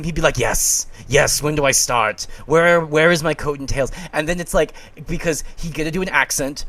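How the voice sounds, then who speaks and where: Excitable, rambling man podcaster. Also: a little high. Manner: excitable, rambling, laughs often. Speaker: podcast co-host. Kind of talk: casual podcast chat.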